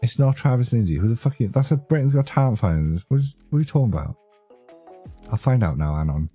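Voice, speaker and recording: A man's voice: medium pitch, animated, fast talker, warm tone. A young man chatting casually with his live-stream audience, rambling and joking, easily amused. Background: faint background music.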